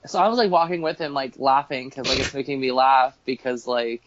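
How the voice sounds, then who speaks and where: A man's voice: medium pitch, fairly quick, slight background noise. A man as podcast guest, telling rambling stories full of swearing and acted-out quotes. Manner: rambling, swearing, animated quoting. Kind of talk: casual storytelling chat. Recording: dull lo-fi home recording.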